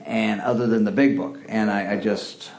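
Earnest, halting male recovery-show host. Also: on the low side, fairly even intonation, a little mellow, roomy sound, slight background noise. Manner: halting, self-correcting, earnest. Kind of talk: casual recovery talk show.

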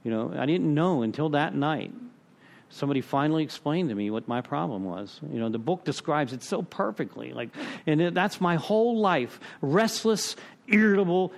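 A man's voice: fairly high pitch, gravelly. Man, recovery meeting share, casual storytelling, wry self-mocking humor, lots of filler words. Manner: conversational, self-deprecating humor, many "you know" fillers and repeats. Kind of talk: personal recovery story told to a group.

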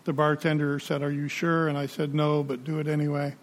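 A man's voice: fairly high pitch, little pitch movement, brisk, slight background noise. A middle-aged man, the guest speaker at a recovery meeting, telling his personal story in a conversational way and acting out the dialogue he quotes.

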